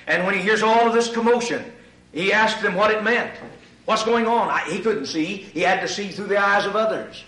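A male preacher delivers a sermon in a bright, somewhat high voice, rising into shouted emphasis and then dropping low again. The sound is echoey and distant, as if he stands well back from the mic in a church hall. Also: brisk. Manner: builds to shouted emphasis, addresses crowd as ladies and gentlemen.

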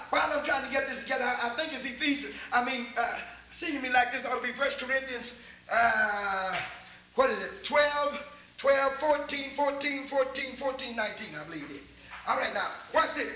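Older Texan preacher, high and bright, folksy, echoey church. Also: male voice, slight background noise. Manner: folksy storytelling, repeats words, builds to shouts. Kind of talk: folksy sermon.

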